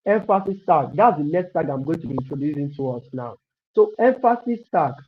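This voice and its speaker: A man's voice: a little high, animated, a little fast. A man teaching web coding in a live online class. He repeats himself often and encourages the students while he types. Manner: repetitive, encouraging, thinks aloud while typing. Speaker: coding instructor. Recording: dull lo-fi stream audio.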